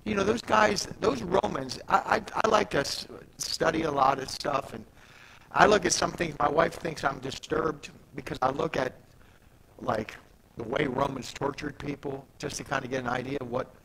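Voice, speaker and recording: Gravelly man preaching with emphatic asides. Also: a little high, fairly bright tone, slight background noise, rough recording. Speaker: pastor. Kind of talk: sermon. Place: church service.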